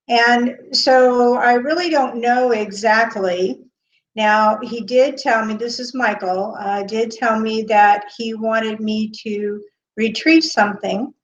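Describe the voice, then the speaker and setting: Slow, hesitant woman on a lo-fi stream. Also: on the high side, slight background noise. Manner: hesitant, with frequent pauses and fillers; greets chat viewers by name. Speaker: medium hosting a live stream. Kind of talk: unscripted live-stream talk. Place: indoor room. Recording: dull lo-fi webcam audio.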